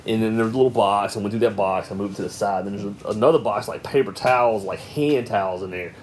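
A man telling a family story in casual podcast chat, lively and playful. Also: fairly low pitch, fast talker, a little hiss or hum. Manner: animated storyteller, acts out voices.

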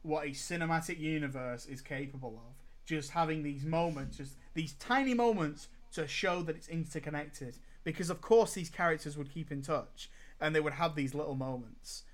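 A man's voice: on the high side, normal speed, hardly any pauses. A man co-hosting a podcast, chatting casually about films in an emphatic, enthusiastic way. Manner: enthusiastic, emphatic, repeats words when starting. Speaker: podcast co-host. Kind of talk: casual film review chat.

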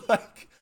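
A young man hosting a casual live-streamed chat, joking and swearing freely. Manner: profane, joking, excitable. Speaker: podcast host.

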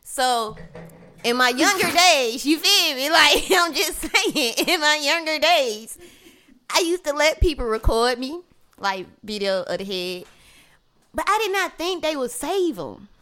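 Woman, bright voice, lively pitch, podcast co-host, expressive. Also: unhurried. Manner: laughing, reactive, expressive. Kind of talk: casual chat.

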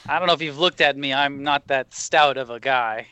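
Wry, bright-voiced man player. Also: mid-range voice, moderate pace, clear, resonant tone, no room sound. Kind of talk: casual tabletop game chat.

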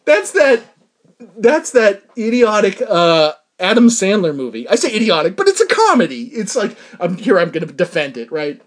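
A man's voice: high voice, very animated, normal speed. A young man ranting casually and comically, exasperated and laughing often, with lots of fillers. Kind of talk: casual comedic rant.

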